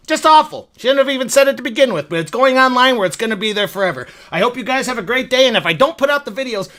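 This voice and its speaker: A male vlogger tells his viewers a story in a casual, self-deprecating way, rambling and stumbling as he restarts. His voice is high with a sharp tone.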